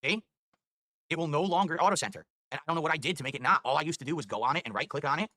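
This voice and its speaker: Fast-talking exasperated male streamer. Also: fairly high pitch, pushed and bright, dry recording. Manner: exasperated, swearing, rambling. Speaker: livestreamer. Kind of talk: live stream chatter.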